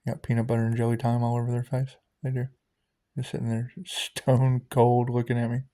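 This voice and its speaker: A man hosting a loose, repetitive spiritual monologue, laughing often and swearing, sometimes dropping to a hushed guiding tone. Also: medium pitch, completely flat delivery, brisk. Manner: drops to a hushed guiding tone for meditation cues. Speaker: spiritual video host.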